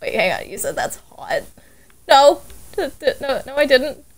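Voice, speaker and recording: A woman's voice: sits high, expressive, moderate pace. A woman playing a flustered, nerdy young woman who stammers and giggles in a casual roleplay. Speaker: roleplay player.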